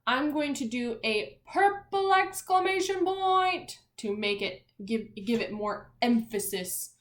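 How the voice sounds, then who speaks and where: A woman's voice: a little high, fairly bright tone, reverberant. A woman teaching young children in a remote lesson, spelling out words letter by letter and asking the class encouraging questions. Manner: slow, clear, spelling out letters and sounds.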